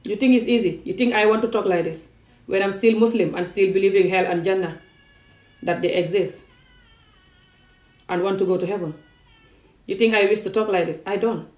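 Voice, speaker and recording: A woman's voice: medium pitch, normal speed, long pauses, a little mellow, echoey room, soft background music, poor audio. A young adult woman, talking straight to camera in an emphatic, pleading monologue full of rhetorical questions. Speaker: vlogger. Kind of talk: impassioned direct-to-camera monologue. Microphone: phone or camera facing her.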